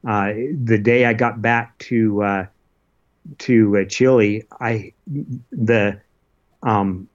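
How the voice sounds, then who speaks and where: A man telling the story of his expedition in an interview, earnest and halting, with many restarts. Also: lowish voice, steady tone, highs cut off. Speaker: interview guest, polar adventurer. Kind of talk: casual recounting of an expedition.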